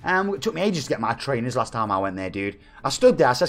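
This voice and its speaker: Lively, chatty man in his forties. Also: fairly high pitch, fast, few pauses. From England. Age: 40s. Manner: chatty, jokey, reads out viewer messages. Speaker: game streamer. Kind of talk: live-stream chat with viewers.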